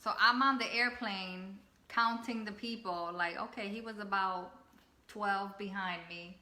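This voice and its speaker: A woman casually telling a travel story on a family channel, lively and laughing as she quotes people. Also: medium pitch, measured pace. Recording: echoey room.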